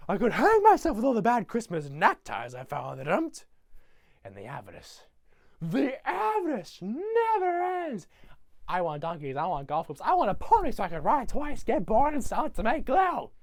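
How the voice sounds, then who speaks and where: A man voicing a sneering, holiday-hating green hermit who rants and swings from low growls to high screeches. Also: very animated, fairly quick, hardly any pauses, no room sound, clean studio sound. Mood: ranting.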